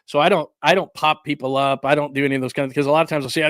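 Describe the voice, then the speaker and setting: A man hosting a solo sports talk livestream, ranting with quick asides and laughs and greeting people in the live chat. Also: fairly high pitch, steady tone, no room sound, clean studio sound. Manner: reads and answers live chat.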